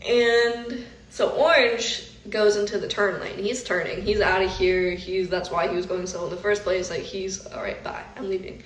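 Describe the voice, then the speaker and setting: Woman, casual livestream chat, animated storyteller, phone mic, lots of "like". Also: medium pitch, moderate pace, hardly any pauses. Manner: animated storytelling, heavy use of "like" and "literally". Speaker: vlogger hosting an Instagram live.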